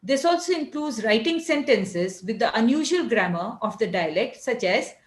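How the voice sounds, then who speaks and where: A woman with a Maharashtrian Indian English accent gives an online college literature lecture in a rather high voice. She explains step by step and circles back to repeat and restart phrases. Her voice carries a noticeable echo from the room. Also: expressive, normal speed. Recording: echoey room.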